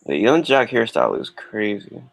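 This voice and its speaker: A man's voice: lowish voice, very animated, normal speed, creaky. A man hosting a livestream in a laid-back, joking, slangy way. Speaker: livestream host. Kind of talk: casual livestream chat.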